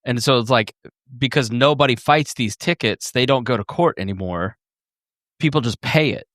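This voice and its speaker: A man co-hosting a podcast in a relaxed, easygoing chat, talking with lots of "like". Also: medium pitch, normal speed, no room sound, clean studio sound. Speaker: podcast co-host. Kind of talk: casual chat.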